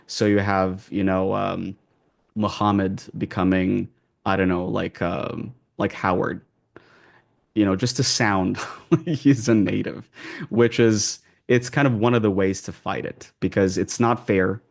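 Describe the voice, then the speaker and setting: A man with an American accent speaks in a very low voice with a gravelly edge. As an accent coach being interviewed, he explains his points casually, with plenty of fillers and false starts. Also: steady tone, a little slow. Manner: loose and conversational, many fillers and restarts.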